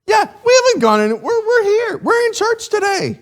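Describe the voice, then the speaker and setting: A man voicing the whiny, complaining people of ancient Israel in a high protesting voice during a Bible class. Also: sing-song, normal speed, heavily acted.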